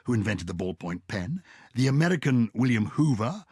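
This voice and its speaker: A man's voice: mid-range voice, very animated, moderate pace, darkish tone, breathy edge, no room sound, clean studio sound. An older man co-hosting a podcast, chatting playfully and teasing his co-host. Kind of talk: casual chat.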